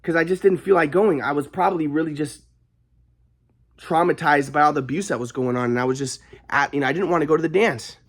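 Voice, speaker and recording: A man's voice: on the high side, fast talker. A young adult man vlogging, telling a personal story in a rambling, aggrieved way with frequent restarts.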